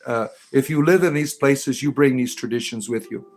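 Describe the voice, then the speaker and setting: A man's voice: medium pitch, normal speed. A man hosting a livestream, mocking and combative as he answers chat, often tagging his points with "right?". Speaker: livestream host.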